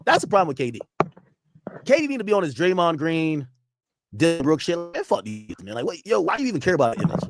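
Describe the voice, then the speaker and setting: A young male streamer talks fast in a fairly high, very lively voice. He rambles and curses freely as he riffs to his chat. The sound is close and dry, with no room in it. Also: no echo, soft background music. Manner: animated, profane, rambling banter with chat. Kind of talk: casual live-stream reaction.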